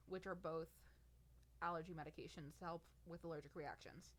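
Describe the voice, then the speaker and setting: A woman's voice: lowish voice, fairly even intonation, brisk, fairly bright tone. A nineteen-year-old woman telling a personal story on her podcast, venting in an exasperated, sarcastic way. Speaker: podcast host.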